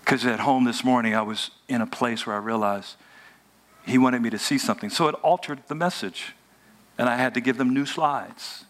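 A man preaching a sermon as pastor, in an animated, humorous, conversational way. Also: mid-range voice, moderate pace.

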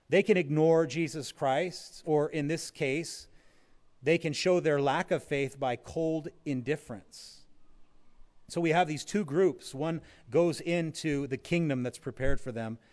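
A man preaching an earnest sermon on scripture, rising and falling in loudness for emphasis, with an occasional wry joke. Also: mid-range voice.

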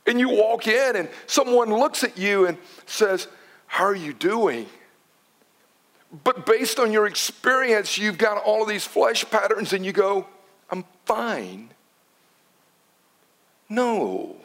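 A man's voice: sits high, a little slow, hardly any pauses, a bit bright. A man preaching a sermon, dramatic, dropping to whispers for emphasis. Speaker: pastor.

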